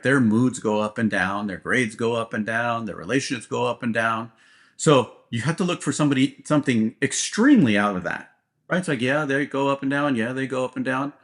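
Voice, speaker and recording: A blunt, plain-spoken man speaks candidly as a police officer guest in an interview. His voice sits in an ordinary middle pitch, and he keeps tagging his points with a quick "right?". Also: fairly bright tone.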